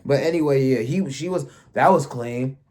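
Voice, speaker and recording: A man's voice: medium pitch, moderate pace, darkish tone. A man giving a casual, crude, rambling recap of a show episode, full of slang.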